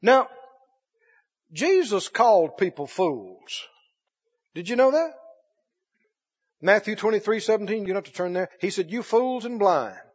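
A male preacher giving a sermon, emphatic and swinging between loud and hushed. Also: sits high, expressive, unhurried, pauses often, husky. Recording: dull echoey hall recording.

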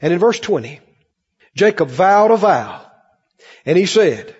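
A man's voice: sits high, big pitch swings, unhurried, a little mellow, breathy edge, long reverb tail, lo-fi sound. A male pastor preaching a sermon in a church, acting out the voices of Bible figures as he goes.

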